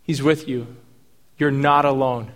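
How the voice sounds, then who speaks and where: A man's voice: medium pitch, steady tone, measured pace, a bit bright, in a large hall. A man preaching a sermon, reading scripture and adding casual, jokey asides. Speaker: pastor.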